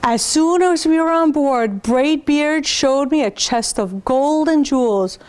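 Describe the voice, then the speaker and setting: High-voiced woman storytime reader; reads picture books aloud to preschoolers and stops to show the pictures. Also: darkish tone. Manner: pauses to point out pictures to listeners.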